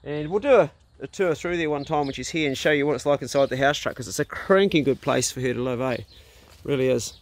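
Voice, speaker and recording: A man's voice: medium pitch, quick pace. A middle-aged man, chatting casually outdoors on his farm and coaxing his dogs and ducks. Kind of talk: casual farm vlog talk.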